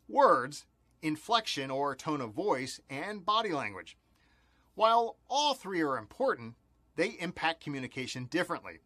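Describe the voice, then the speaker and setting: A man narrating a customer service training module, explaining clearly and stressing key words. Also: a little high, fairly bright tone, no echo. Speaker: instructor.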